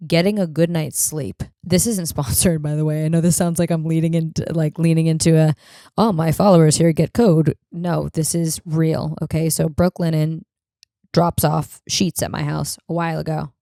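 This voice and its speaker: A woman with a deep, raspy voice rambles through comic stories as a podcast host. She talks casually and bluntly, with plenty of swearing. Her voice sounds close and dry, with no room around it. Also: flat delivery, moderate pace, warm tone, no echo. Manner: blunt, profane, rambling storyteller. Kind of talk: casual comedic monologue.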